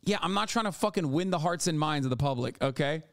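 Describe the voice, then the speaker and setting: A male streamer reacts to clips with mocking, exasperated rants. His voice sits high for a man and sounds smooth and clear. The close mic is dry, with no room in it. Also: animated, fast talker, no room sound. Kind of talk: casual live-stream commentary.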